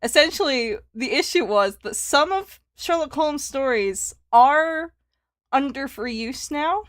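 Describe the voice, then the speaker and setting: A young woman chats through a game on a live stream, giggling often and reading lines aloud. Her voice sits fairly high and jumps around a lot. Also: lively intonation, a little slow, fairly bright tone, no echo, clean studio sound. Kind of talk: casual gaming stream commentary.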